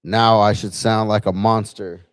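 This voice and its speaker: A man's voice: lowish voice, level tone, a little slow, smooth, no echo. A man hosting a casual livestream from a bar lounge, chatty and laid-back, testing his gear as he talks. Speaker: livestream host.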